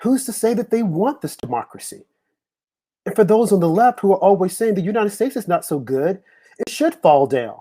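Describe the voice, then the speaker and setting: A man's voice: sits high, sing-song, moderate pace, warm tone. A man hosting a live political talk show, opening with an impassioned monologue full of rhetorical questions. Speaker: host.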